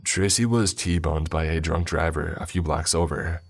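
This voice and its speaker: A man voicing a male police officer breaking bad news, speaking quietly and slowly. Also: rumbling low, fairly even intonation, slightly rough, soft background music, exaggerated voice. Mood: somber.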